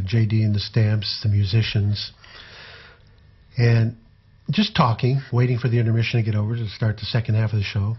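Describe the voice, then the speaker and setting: Older man telling stories, husky. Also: lowish voice, dull audio. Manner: relaxed, halting storyteller with fillers. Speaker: former tour manager and photographer. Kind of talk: telling personal anecdotes.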